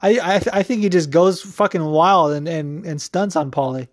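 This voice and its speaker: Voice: medium pitch, moderate pace, no echo, studio quality. A podcast host in a casual, profane opinion rant, rambling with lots of fillers. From United States.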